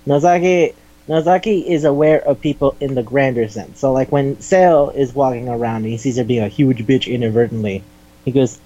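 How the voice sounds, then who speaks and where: Man excitedly retelling a cartoon. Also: mid-range voice, normal speed, highs cut off. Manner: animated retelling with acted quotes, swears and laughs. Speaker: podcast host. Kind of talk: casual chat recapping an anime.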